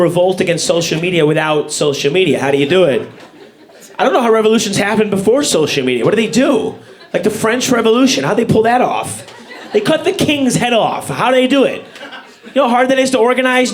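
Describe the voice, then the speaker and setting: A man performing a stand-up set on stage, ranting in a deadpan way and slipping into put-on voices. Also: sits high. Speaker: stand-up comedian. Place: comedy club stage with laughing audience. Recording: live room with crowd laughter.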